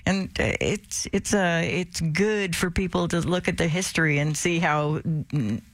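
A woman co-hosting a call-in radio show, chatty and quick to laugh, telling stories between calls. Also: lowish voice, dry recording. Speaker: radio co-host.

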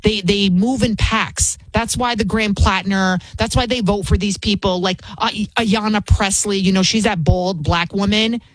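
A woman's voice: mid-range voice, steady tone, moderate pace, hardly any pauses, no echo, poor audio. A woman hosts a political opinion show, sounding heated and openly scornful. The recording is dry and close, with no room sound around her voice. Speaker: political commentary host. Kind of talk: opinion commentary.

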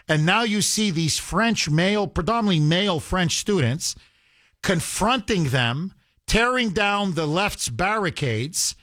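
A man's voice: high voice, a bit bright. A male talk radio host giving emphatic, heated commentary with lots of repetition.

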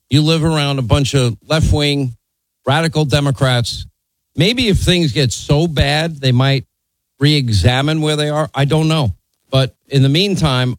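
A man's voice: mid-range voice, no room sound, rough recording. A man hosting a call-in talk radio show, blunt and opinionated.

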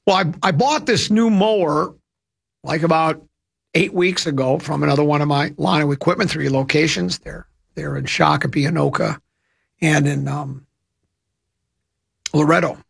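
A man's voice: on the high side, normal speed, vocal fry, pauses often, a bit bright, husky. A man hosting a radio talk show, telling rambling, chatty anecdotes into a studio microphone. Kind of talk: casual radio storytelling.

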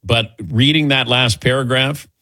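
A man's voice: medium pitch, fairly even intonation, a little slow, pushed and bright, no echo. A man hosting a call-in radio show, chatting casually with co-hosts and callers. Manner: easygoing, fond of acting out quoted exchanges.

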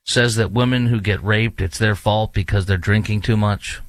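A man's voice: lowish voice, steady tone, normal speed, no echo. A man hosting his own talk show, delivering a heated, emphatic opinion monologue with many fillers. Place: studio in a large US city.

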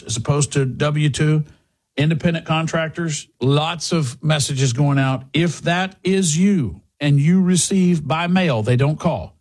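Raised-voice man reading a radio ad. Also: a little high. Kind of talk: live-read radio advertisement.

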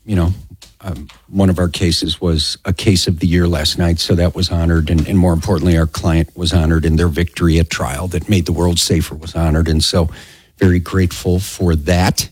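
A man with a deep, slightly husky voice hosts a radio call-in show. He talks in a relaxed, conversational way, full of "yeah"s. The studio sound is dry and close. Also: normal speed, no room sound. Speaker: radio talk host. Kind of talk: talk radio chat.

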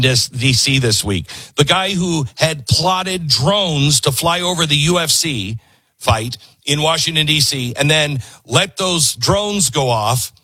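A man's voice: on the high side, pushed and bright, slightly rough, no echo. A man hosting a political commentary show, talking in a sarcastic, mocking way with lots of asides.

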